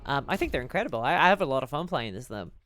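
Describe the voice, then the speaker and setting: Talking rapid-fire in a medium-pitched voice, a man gives live commentary while streaming a strategy game, rambling casually and reading the chat as he plays. Faint music runs in the background.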